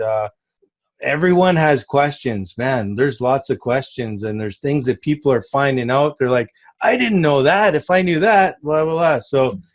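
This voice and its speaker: A man hosting a casual group call, talking in an upbeat, rambling way and laughing easily. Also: mid-range voice. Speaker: call host.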